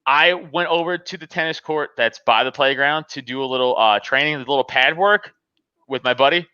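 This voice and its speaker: Speaking briskly in a medium-pitched, clear, resonant voice, this man is a podcast host telling a story full of laughter and profanity. He animatedly plays out both sides of the argument. There's no room sound, though the audio is dull.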